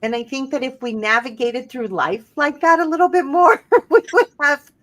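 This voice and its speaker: Woman telling stories, animated. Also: sits high, moderate pace. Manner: storytelling, animated when quoting others. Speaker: podcast co-host. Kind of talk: casual conversation.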